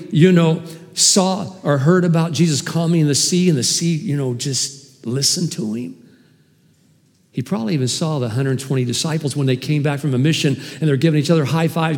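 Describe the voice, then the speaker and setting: A man preaching a sermon as pastor, animated and emphatic, with sudden swings in loudness. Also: fairly high pitch, normal speed, long reverb tail. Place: church hall.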